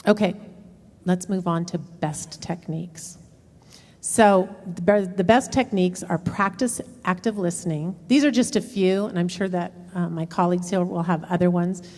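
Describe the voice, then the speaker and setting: Middle-aged woman, relationship counselor, workshop talk, lowish voice, long hall echo. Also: a little mellow. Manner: explanatory, acts out quoted dialogue. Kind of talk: workshop presentation. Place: lecture room.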